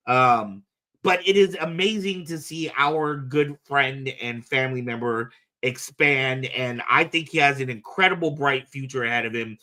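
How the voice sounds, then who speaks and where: A man's voice: fairly high pitch, normal speed, pushed and bright. A man hosting a podcast in casual chat, enthusiastic and a bit rambling when introducing a guest. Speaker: podcast host.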